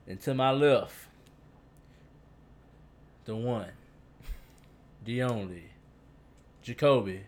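Male podcast host, casual and jokey, mid-pitched everyday voice. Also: drawn-out words, pauses often, darkish tone. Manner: playful, rattles off nicknames.

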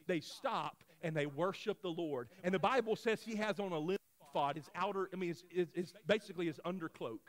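A pastor in his thirties preaching a sermon, moving from quiet storytelling to loud, shouted exhortation. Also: high-pitched. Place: church sanctuary.

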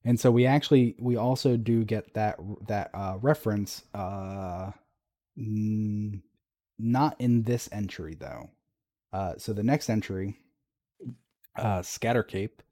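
A man's voice: lowish voice, takes it slowly, mellow, no room sound. A man talking casually about game lore, rambling with fillers and restarts as he reads entries aloud. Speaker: podcast co-host discussing game lore.

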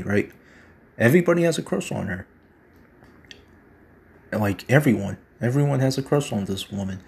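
A man's voice: mid-range voice, gravelly, darkish tone. A man hosting his own show, delivering a slangy, emphatic conspiracy monologue and repeating his points. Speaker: podcast host.

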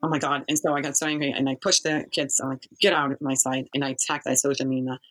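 A woman telling her own story as a guest in an interview, speaking haltingly with many pauses and restarts. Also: very deep voice, little pitch movement, poor audio.

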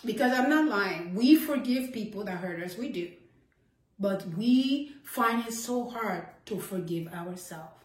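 A woman's voice: medium pitch, expressive, unhurried. A woman hosting an inspirational talk episode, heartfelt and chatty, laughing often as she encourages listeners. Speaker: host. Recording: roomy echo.

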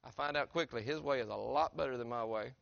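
A middle-aged pastor with a drawl preaches with earnest, conversational warmth, often turning to ask his congregation questions. His voice sits at an ordinary male pitch, captured close and dry. The sound is a little dull and muffled at the top. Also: quick pace, gravelly, dry recording. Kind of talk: sermon. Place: church sanctuary.

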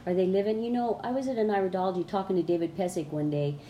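Woman telling a rambling, lively story. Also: lowish voice, fast talker, highs cut off, slight background noise. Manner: rambling, with many restarts and fillers; animated, acts out quotes. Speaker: guest, colon hydrotherapist. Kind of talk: casual storytelling in an interview.

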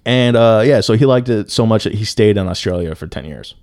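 A young man with a fairly low voice co-hosts a casual podcast, rambling through a story with constant fillers and swearing. The sound is dry and close to the mic. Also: animated, fairly quick, no room sound. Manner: profane, rambling, lots of fillers, swings to loud disbelief. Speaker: podcast co-host.

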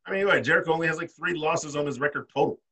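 A man's voice: a little high, racing, pushed and bright, breathy edge, distant mic. A man co-hosting a casual podcast, laid-back and thinking aloud through his reasons. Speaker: podcast co-host. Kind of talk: casual chat.

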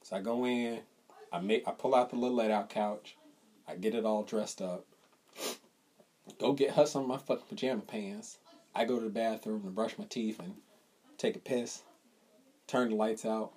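A young man co-hosting a podcast, telling a profane, animated story in casual chat and acting out the people in it. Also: on the low side, normal speed, pauses often, breathy edge. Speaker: podcast co-host.

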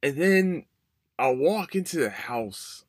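A man's voice: on the high side, animated, takes it slowly, slightly rough, no room sound, clean studio sound. A man, hosting a podcast and telling a personal story in an emotional, rambling way that repeats itself. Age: 30s. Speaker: podcast host. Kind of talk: casual personal monologue.

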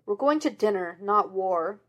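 A woman's voice: mid-range voice, lively intonation, measured pace, lightly acted. A woman voicing a prim, dry-witted young male sidekick in an audiobook reading, a touch indignant.

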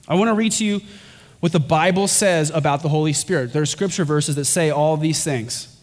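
A pastor preaching a sermon, earnest and emphatic, his voice climbing higher on key points. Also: fairly quick. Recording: long hall reverb with faint music.

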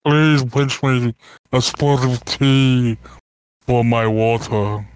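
A man voicing a pompous, posh British gentleman with big teeth, as a joke on a podcast. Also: mid-range voice, fairly even intonation, clean tone, no room sound, close to an everyday voice. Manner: slow, affected posh drawl.

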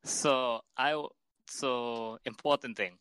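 A man's voice: medium pitch, fairly even intonation, takes it slowly, fairly bright tone, smooth, no room sound, rough recording. A young man, chatting and rambling through a story as podcast co-host. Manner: rambling storyteller, laughs a lot. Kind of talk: casual chat.

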